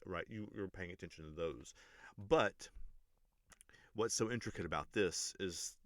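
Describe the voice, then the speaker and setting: Deep-voiced man explaining poetic meter. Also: unhurried, long pauses, dry recording, clean studio sound. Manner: pedantic but relaxed, many ums and restarts. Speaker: English teacher and music reaction host. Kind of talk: casual explanatory lesson.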